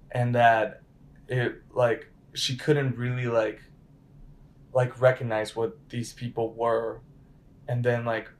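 A man in easy conversation, circling his point with lots of fillers and restarts. His voice sits at an everyday middle pitch. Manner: hesitant, filler-heavy storytelling. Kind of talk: casual chat.

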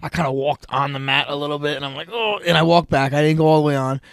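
A man, a wrestling coach hosting a casual chat, telling stories animatedly and acting out quotes with sudden loud outbursts. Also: fairly high pitch, steady tone, fast talker, gravelly, no echo, clean studio sound. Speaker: podcast host, wrestling coach.

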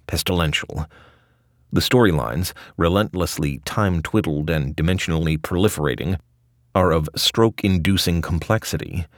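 A man's voice: deep voice, no room sound, studio quality. A man narrating a scripted audio essay with a wry, ornate delivery.

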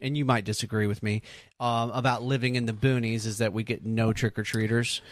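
A man's voice: mid-range voice, level tone, a little fast, no room sound. A man co-hosting a casual podcast chat, laid-back with dry humor and frequent fillers. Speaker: podcast co-host.

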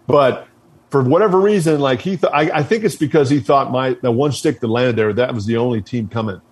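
Speaking fairly quickly in a husky voice of ordinary pitch, a veteran guest casually recounts his time in the service. He's blunt, curses freely, and keeps stumbling and starting his sentences over.

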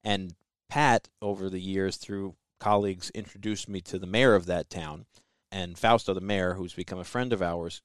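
A man's voice: on the low side, smooth, no room sound, clean studio sound. A man hosting a podcast, talking in an easygoing, chatty way. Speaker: podcast host. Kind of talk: casual podcast chat.

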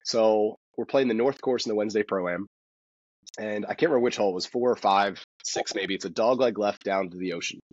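A man, a golf instructor, talking as a podcast guest in quick, animated stories full of restarts. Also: on the low side, breathy edge, dry recording, muffled recording. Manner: rapid, animated storytelling with many restarts. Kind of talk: casual podcast interview.

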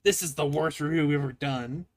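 A man's voice: a little high, fairly quick, no echo, clean studio sound. A young man co-hosting a podcast review, joking crudely and laughing often. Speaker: podcast co-host. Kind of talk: casual review chat.

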